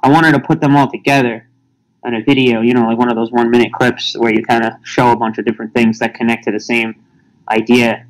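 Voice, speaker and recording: A man's voice: mid-range voice, level tone, quick pace, low-quality recording. A man in casual podcast chat, talking in an emphatic, insistent way. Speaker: podcast guest.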